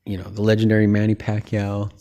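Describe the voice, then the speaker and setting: A man hosts a loose, one-person sports chat, wandering from point to point and leaning on filler words. His voice sits a little low, with a dark, mellow tone. He comes across as relaxed and opinionated. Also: quick pace, vocal fry, lo-fi sound. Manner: rambling, heavy on filler words like "you know". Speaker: host. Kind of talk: casual boxing talk monologue.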